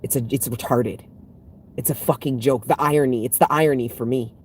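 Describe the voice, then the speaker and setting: A woman's voice: rumbling low, steady tone, a little fast, slightly rough. A woman hosting a spiritual livestream, chatting casually and frankly with viewers, swearing freely and laughing often. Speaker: spiritual reader and livestream host. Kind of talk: casual livestream chat reading viewer comments.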